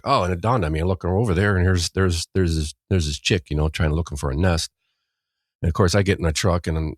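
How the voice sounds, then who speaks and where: Middle-aged Midwestern man, very low voice, rambling storyteller, dry close mic. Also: no echo. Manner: rambling storyteller, acts out quotes loudly. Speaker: podcast co-host. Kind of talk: casual chat.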